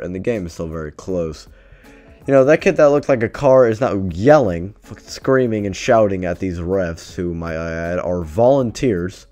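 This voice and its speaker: A man's voice: low voice, darkish tone. A man vlogger telling a story casually, swearing a lot and sounding exasperated. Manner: profane, exasperated, rambling.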